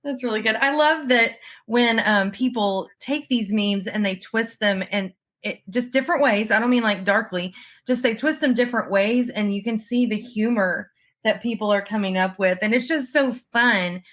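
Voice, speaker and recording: A woman's voice: on the high side, normal speed, fairly bright tone. A middle-aged woman co-hosting a podcast, chatting casually and laughing often. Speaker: podcast co-host. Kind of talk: casual chat.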